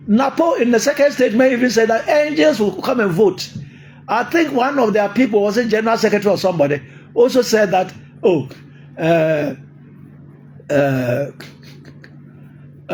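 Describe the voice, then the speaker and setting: A man's voice: high voice, slight background noise. An older man with a Ghanaian accent, delivering an emphatic political monologue, repeating his points and laughing often. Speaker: political commentator.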